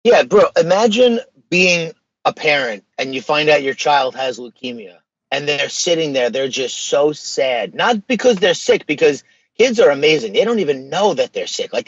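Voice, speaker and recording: Animated man, slightly dull recording. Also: fairly high pitch, normal speed, husky, no room sound. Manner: animated, emphatic, casual slang. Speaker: podcast guest, social media page creator. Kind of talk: casual interview conversation.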